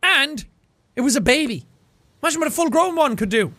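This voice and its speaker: A man putting on a high, overwrought young woman. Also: expressive, brisk, bright, forceful tone, dry recording, heavily acted. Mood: dramatic. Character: anxious young woman stranded in a car, dramatic and jumpy. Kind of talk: reading game dialogue aloud.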